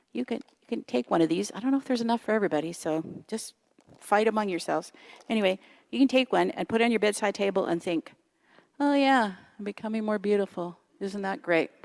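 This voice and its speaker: A woman in her fifties preaches in a church in a relaxed, chatty way. Her voice has a gravelly edge, and she keeps turning to the congregation with little questions. She pokes fun at herself as she talks. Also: medium pitch. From Canada. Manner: chatty, self-deprecating, asks the audience questions. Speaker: guest speaker. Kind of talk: conversational sermon. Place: church sanctuary.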